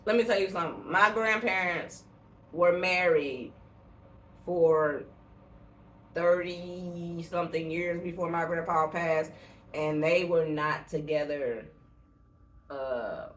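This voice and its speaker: A woman's voice: lowish voice, takes it slowly, long pauses. A young woman co-hosting a podcast, talking bluntly and animatedly with lots of swearing. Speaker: podcast co-host. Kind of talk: casual podcast chat. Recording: roomy, distant mic, faint hiss.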